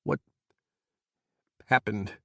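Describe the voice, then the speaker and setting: A man voicing an injured male president who asks quiet, halting, hoarse questions. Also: dry recording, studio quality. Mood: dazed.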